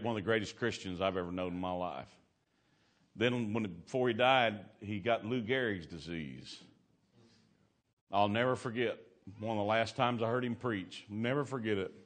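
Here a man with a fairly low voice preaches in a down-home, colloquial style. Loud exclamations that climb upward give way to soft, hushed stretches of storytelling.

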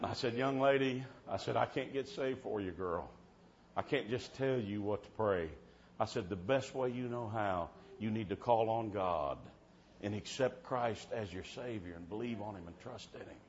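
A man preaching a revival sermon in church, telling stories and swinging from soft-spoken to shouting. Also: on the low side, normal speed. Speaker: traveling preacher. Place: church service. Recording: dull muffled sound with faint background hiss.

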